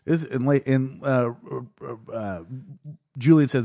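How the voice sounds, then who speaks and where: A man's voice: medium pitch, unhurried, warm tone. A man co-hosting a casual podcast, retelling scenes with many fillers and laughs. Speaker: podcast co-host recapping a show. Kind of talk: casual chat.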